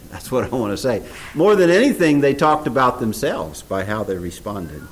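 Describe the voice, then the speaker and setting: A man preaching to his congregation, his voice rising and falling with lively pitch. He reads old scripture aloud and breaks off to quiz the listeners. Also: moderate pace, poor audio. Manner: animated, reads scripture aloud in old English, asks the audience questions. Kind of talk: sermon with Bible readings.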